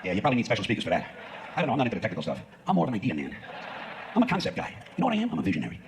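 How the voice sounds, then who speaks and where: A man's voice: mid-range voice, wildly swooping pitch, very fast, noisy background. A man performing a stand-up routine on stage, ranting in a profane, sarcastic way. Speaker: stand-up comedian. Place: stage in front of an audience.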